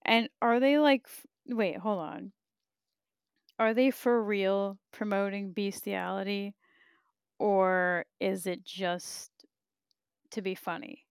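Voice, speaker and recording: Slow, gravelly-voiced woman podcast host. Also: medium pitch, dry recording, studio quality. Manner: candid, profane, laughs often. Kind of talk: casual live-stream chat reading comments.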